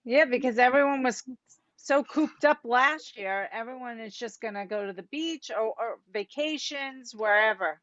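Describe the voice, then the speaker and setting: A woman's voice: on the high side, a bit bright, dry recording, lo-fi sound. A woman calling in to a talk show, agreeing and chiming in casually. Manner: agreeable, quick to chime in. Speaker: caller. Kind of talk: casual chat.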